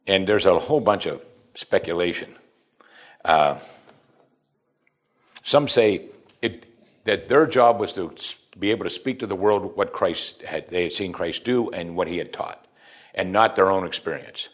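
Guy preaching a sermon, lowish voice, animated, does the quotes himself and chuckles a lot. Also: unhurried, long pauses. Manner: animated, acts out quoted lines with a raised voice.

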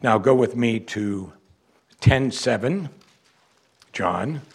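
A man preaching a sermon, his voice husky and a little breathy. He reads scripture aloud and then drives each point home with emphatic, deliberate phrasing. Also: medium pitch, lively intonation. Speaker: pastor.

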